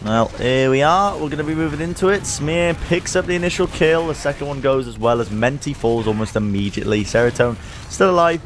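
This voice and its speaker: A male esports caster calling the action live, his voice rising sharply as the fights heat up. He sits at a headset mic over a faint hum and throws in playful asides between plays. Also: a little fast. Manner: energetic, climbs in pitch on big plays, jokey asides. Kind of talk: play-by-play commentary.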